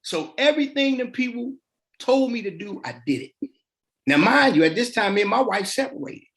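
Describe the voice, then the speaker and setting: With a very high-pitched voice at normal speed, a middle-aged man tells his life story as a podcast guest. His talk is colloquial and laid-back, and he acts out the people in his tale.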